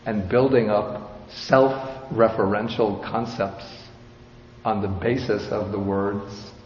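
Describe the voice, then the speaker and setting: A man giving a dharma talk as a Buddhist teacher, explaining a scripture in a slow, measured, explanatory way. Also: fairly low pitch, steady tone, a little mellow. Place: large hall with audience. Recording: reverberant hall, dull sound, faint hiss.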